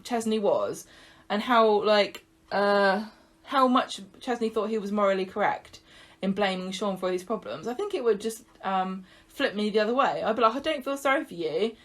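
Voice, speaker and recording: Woman, podcast host, casual chat, lively storytelling, laughs a lot. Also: mid-range voice, moderate pace. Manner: lively retelling, often breaking into character voices and laughter. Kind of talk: casual chat recapping a soap.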